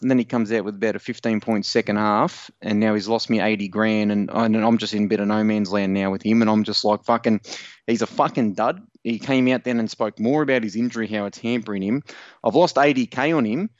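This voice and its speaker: A man's voice: lowish voice, level tone, fast talker, few pauses, dry recording, highs cut off. A man co-hosting a casual sports podcast, rambling through a story and swearing a lot. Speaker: podcast co-host.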